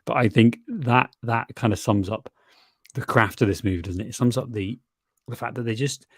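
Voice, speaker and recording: Co-hosting a film podcast, a man with a mid-range voice chats casually but haltingly, often repeating words as he searches for them. The recording is clean studio sound with no room sound.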